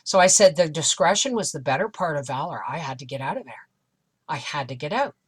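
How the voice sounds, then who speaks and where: A woman's voice: sits low, lively intonation, fairly quick, husky. A middle-aged woman vlogger animatedly retelling a frustrating experience in a casual storytelling way. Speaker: homestead vlogger.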